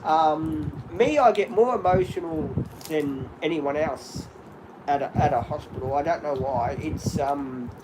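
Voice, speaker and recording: A man in his fifties chats on a live stream from his home, his voice sitting a little high for a man. He rambles openly and speaks straight to his viewers as "guys". Steady background noise, clicks and a passing vehicle sit under his voice. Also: measured pace. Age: 50s. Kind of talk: candid live-stream chat.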